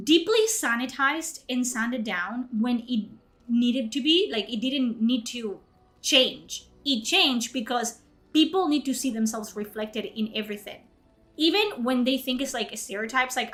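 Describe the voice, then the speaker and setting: A woman's voice: on the high side, a bit bright. A young woman streaming live, ranting in casual chat with indignant outbursts and swearing. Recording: faint music behind.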